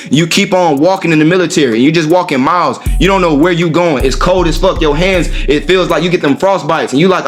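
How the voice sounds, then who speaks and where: A man with a somewhat high voice talks through a casual motivational monologue, heavy with street slang and profanity. He keeps checking in with the listener as he goes. Faint music plays underneath. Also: fast talker, hardly any pauses. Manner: profane, street slang, repeats "you know what I'm saying". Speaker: host.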